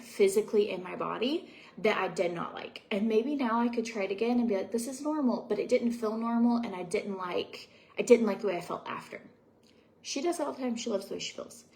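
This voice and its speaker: Gravelly-voiced woman chatting through her skincare routine. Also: mid-range voice, darkish tone. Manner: rambling, confiding, many fillers. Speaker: beauty vlogger. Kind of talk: casual chat during a skincare routine. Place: at home.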